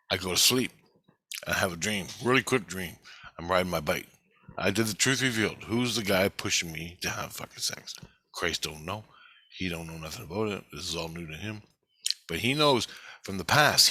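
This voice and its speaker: A man's voice: low voice, sharp tone, slightly rough, no echo. A man talking in a rambling, profane monologue about a dream he had.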